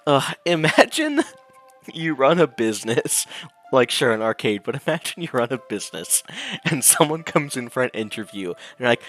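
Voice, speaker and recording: A male streamer reading and narrating a visual novel, animated and jokey, laughing often. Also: mid-range voice, a little slow, pauses often, soft background music.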